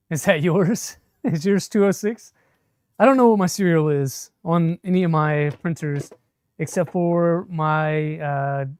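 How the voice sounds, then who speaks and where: A man's voice: fairly high pitch, darkish tone, no room sound, clean studio sound. A man chatting casually on a live stream while he assembles a 3D printer, answering viewer comments as he works. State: a bit shaky from caffeine.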